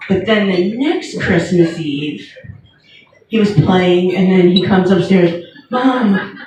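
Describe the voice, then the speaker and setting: A woman in her fifties doing a stand-up comedy set, telling stories in a wry, deadpan way with pauses before the punchlines. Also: on the low side. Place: comedy venue. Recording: echoey room heard from far off, with noise.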